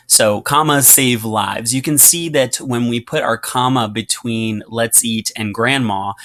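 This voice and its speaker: A man teaching a writing lesson, explaining patiently with frequent fillers and reading example passages aloud with lively emphasis. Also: medium pitch.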